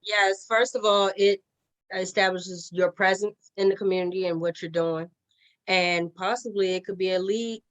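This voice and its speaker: A woman's voice: mid-range voice, fairly even intonation, normal speed. A woman attending a training, answering the trainer's question in a thoughtful way.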